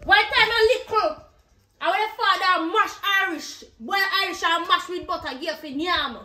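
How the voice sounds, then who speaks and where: A woman's voice: very high-pitched, moderate pace, pushed and bright. A woman with a Jamaican accent playing a stern, bossy grandmother who scolds her grandson in blunt patois during a spelling lesson. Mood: scolding. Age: older. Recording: roomy echo.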